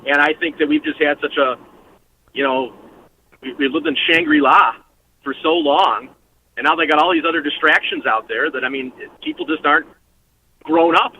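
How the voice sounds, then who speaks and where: A man's voice: a little high, sing-song, moderate pace, gravelly, pauses often, pushed and bright, slight background noise. A man calling in to a radio show, reflecting earnestly in a rambling way. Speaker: caller. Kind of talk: call-in conversation. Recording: muffled phone-in line.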